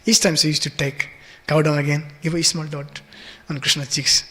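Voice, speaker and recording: A man's voice: a little high, flat delivery, moderate pace, bright, forceful tone. A man giving a devotional scripture class in a temple hall, telling stories with many fillers and acting out the voices.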